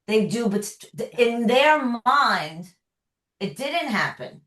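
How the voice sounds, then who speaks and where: A woman's voice: a little high, big pitch swings, slow pace, a bit bright. A woman therapist answering questions, explaining with everyday examples in a conversational way. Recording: echoey room sound.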